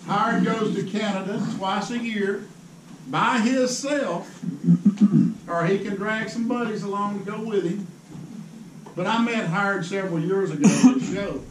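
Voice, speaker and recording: A fishing pro with a high voice gives a seminar at an indoor tackle show, telling folksy, rambling stories to the crowd and laughing often. The hall is echoey, the mic sits far away, and crowd noise carries underneath.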